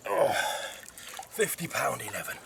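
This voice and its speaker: A man filming his fishing trip by a lake, breathless and excited as he talks over his catch. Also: mid-range voice, a little slow, creaky. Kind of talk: excited outdoor vlog chat. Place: outdoors by a lake. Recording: outdoor recording with loud background noise.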